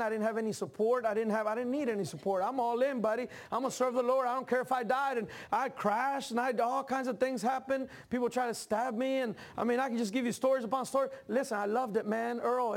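A man preaching a sermon as pastor, talking with the congregation in casual asides and climbing into animated, shouted passages. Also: very high-pitched.

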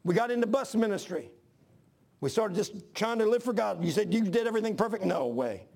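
A middle-aged man preaching a sermon as pastor, telling a personal story and repeating phrases as he builds to shouts. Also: high voice, expressive, brisk.

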